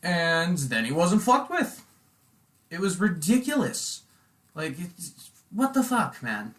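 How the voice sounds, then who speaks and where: A young man telling a rambling, profane story on a casual podcast, acting out quotes loudly. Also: high-pitched, big pitch swings, takes it slowly. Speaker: podcast host.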